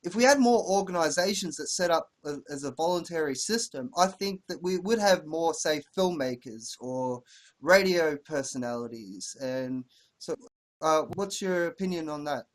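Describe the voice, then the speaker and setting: An Australian-accented man hosting an interview, chatty and rambling, full of fillers. His voice sits fairly high. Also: animated, normal speed. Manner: rambling, many fillers, laughs easily. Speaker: interview host. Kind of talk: casual interview chat.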